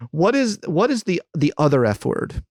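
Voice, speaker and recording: A man's voice: on the high side, darkish tone, no room sound, clean studio sound. A man hosting a podcast, talking in a casual, hesitant way with many fillers and laughs. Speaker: podcast host. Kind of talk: casual interview chat.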